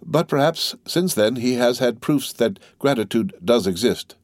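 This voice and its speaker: A man's voice: medium pitch, lively intonation, measured pace, no room sound, clean studio sound, pitched above the performer's own voice, close to an everyday voice. A man reading the part of a grave, mysterious count in an audiobook, earnest and restrained. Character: grave, mysterious nobleman count, middle-aged.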